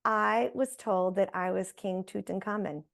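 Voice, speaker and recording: A woman, a guest on an interview show, telling a personal story in a lively way and acting out the voices she quotes. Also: medium pitch, unhurried, gravelly. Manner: animated, acts out quoted voices.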